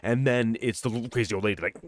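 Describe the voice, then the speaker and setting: A man's voice: mid-range voice, racing, dry recording. A man co-hosting a casual podcast, animatedly retelling movie scenes, acting out the characters and swearing freely. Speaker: podcast co-host.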